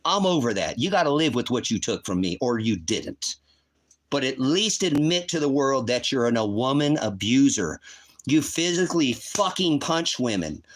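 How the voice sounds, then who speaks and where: A man's voice: mid-range voice, a bit bright. A man hosting a livestream, ranting in a heated, profane, accusing way. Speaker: livestream host. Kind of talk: angry livestream rant.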